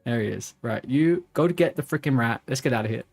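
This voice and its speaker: A man's voice: mid-range voice, animated, fast, gravelly, a little mellow, faint music behind. Man muttering live game commentary. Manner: mutters to himself, swears when frustrated. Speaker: streamer.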